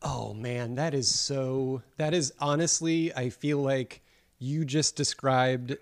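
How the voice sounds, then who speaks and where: A man's voice: mid-range voice, steady tone, slow, no room sound, studio quality. A man hosting a cooking podcast, talking in a rambling, enthusiastic way that often breaks off and restarts. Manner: rambling, enthusiastic, self-interrupting. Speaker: podcast host. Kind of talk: casual podcast chat.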